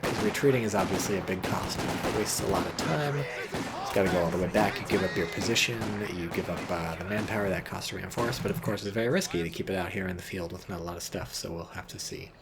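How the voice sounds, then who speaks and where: A man's voice: low voice, fast, heavy background noise. A man giving casual, chatty play-by-play commentary on a strategy game, joking and swearing off-hand on a desk mic. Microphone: desk microphone. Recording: voice over loud game battle audio.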